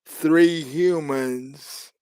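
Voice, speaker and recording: A man's voice: on the high side, very slow, a little mellow, smooth, no echo. A man narrating as game master of a tabletop game, hesitant with many fillers and restarts.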